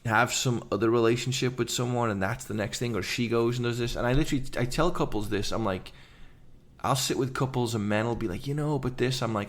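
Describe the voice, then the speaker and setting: A man with a gravelly voice giving an earnest personal testimony, talking quickly in long run-on sentences. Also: mid-range voice. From England. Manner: earnest, rapid run-on storytelling. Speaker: guest, urban missionary.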